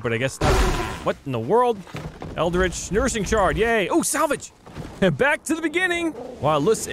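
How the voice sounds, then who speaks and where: A man commentating his own gameplay, excitable and loud when surprised, muttering sarcastically when things go wrong. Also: fairly high pitch. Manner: excitable, swings to loud exclamations. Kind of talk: let's play commentary. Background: game music.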